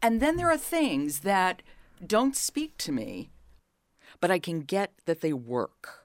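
A woman's voice: on the low side, sing-song, slow pace, dry recording. A woman interviewing a critic, asking curious, probing questions. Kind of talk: radio interview.

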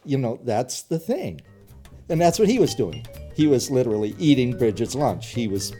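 A man who was once a private investigator, talking as an interview guest in an animated, blunt storytelling manner. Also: medium pitch, normal speed, soft background music. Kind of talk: casual interview talk.

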